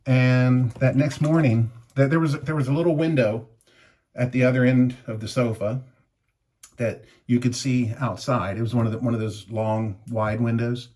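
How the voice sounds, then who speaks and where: A man in his fifties rambles through an anecdote while shaving, chuckling as he reviews his shaving gear in a casual vlog. His voice is medium-pitched and a bit dark, with a steady tone and moderate pace.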